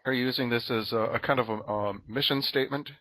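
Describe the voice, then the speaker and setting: A man's voice: medium pitch, fairly even intonation, fast talker, a bit bright, dry recording. A man hosting a podcast interview, asking hesitant questions with restarts. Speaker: podcast host.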